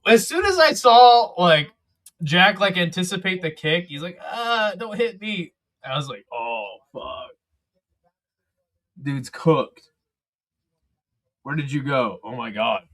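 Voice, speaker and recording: A man hosting a live fight commentary stream from home, excitable and profane, laughing often. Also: medium pitch, no echo, studio quality. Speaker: host.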